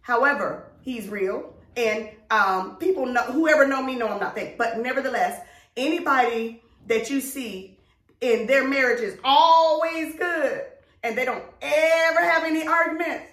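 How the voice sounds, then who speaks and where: A middle-aged woman talks in a casual podcast chat, emphatic and a little preachy, her voice set slightly high. She sits back from the mic in an echoey room. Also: fairly bright tone, far from the mic. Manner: emphatic and preachy, drawn-out words. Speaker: podcast co-host.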